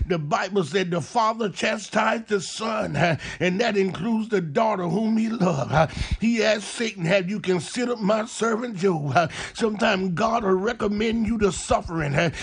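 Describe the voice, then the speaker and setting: A man preaching a sermon in a chanted, whooping cadence, opening nearly every phrase with a breathy "uh". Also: high voice.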